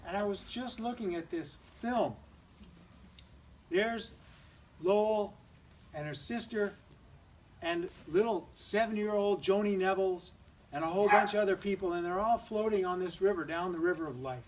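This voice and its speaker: A man giving a gentle, thankful tribute to a family at a memorial. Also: high-pitched, moderate pace, long pauses. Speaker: eulogy speaker. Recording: distant mic, faint noise.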